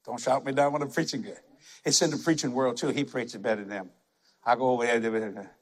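A man's voice: medium pitch, steady tone, a little fast. A man preaching a sermon, emphatic and conversational, repeating words for effect.

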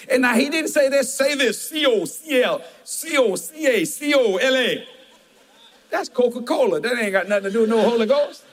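A man's voice: very high voice, a bit bright. A man preaching a sermon as pastor, telling folksy stories with emphatic asides.

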